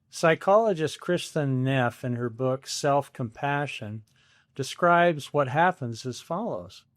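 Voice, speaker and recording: A man's voice: mid-range voice, dry recording, studio quality. A man in his seventies hosting a solo podcast, telling a family story in a wry, self-deprecating scripted style. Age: 70s.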